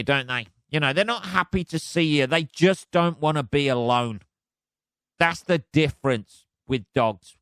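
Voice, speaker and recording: A man's voice: medium pitch, fairly bright tone, smooth, no echo, clean studio sound. Sweary man ranting on a podcast. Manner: sweary, exasperated, laughs at himself. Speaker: podcast host. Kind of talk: casual solo rant.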